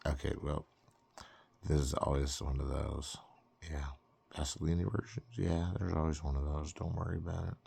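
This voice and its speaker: A man's voice: extremely low pitch, flat delivery, moderate pace, gravelly, mellow, breathy edge. A man hosting a loose, jokey cartoon critique, rambling through improvised commentary and slipping into mock-grand phrasing. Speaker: comedic film critic host.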